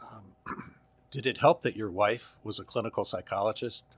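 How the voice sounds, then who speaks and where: A man's voice: lowish voice, normal speed, a little hiss or hum. A man hosting a podcast, asking short direct questions of his guest. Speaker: podcast host. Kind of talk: interview questions.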